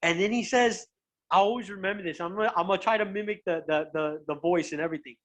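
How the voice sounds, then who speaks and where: A young man with a notably high-pitched voice, talking as a guest fighter in loose, animated conversation. He swears freely and trips over his own restarts as he tells his stories. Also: fast talker. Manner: profane, animated, stumbling restarts. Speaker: guest, pro MMA fighter. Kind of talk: casual chat, storytelling.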